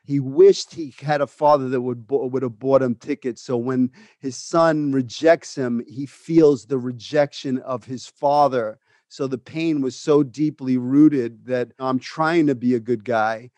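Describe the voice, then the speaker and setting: A man's voice: mid-range voice, steady tone, unhurried, few pauses, mellow, no room sound. A man, an actor, reflecting earnestly in an interview about playing a difficult role. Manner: thoughtful, earnest, laughs lightly. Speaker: actor guest.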